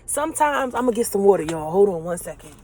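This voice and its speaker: A woman's voice: mid-range voice, expressive, fast talker, dark tone, a little hiss or hum. A woman in her late twenties giving an emotional motivational talk, earnest and preachy, repeating phrases for emphasis. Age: late 20s.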